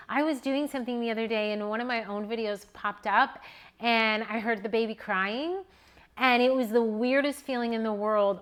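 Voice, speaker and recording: Casting: middle-aged woman, slightly high voice, earnest heartfelt home monologue, halting restarts. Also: fairly bright tone. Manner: earnest, with restarts and rising emotion. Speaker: newborn photographer and educator.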